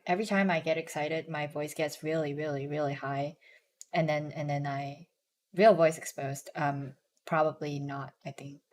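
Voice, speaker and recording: A young woman streamer chatting casually with a hoarse, strained voice, stumbling over restarts and fillers. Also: low voice. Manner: halting, many restarts and ums, self-conscious.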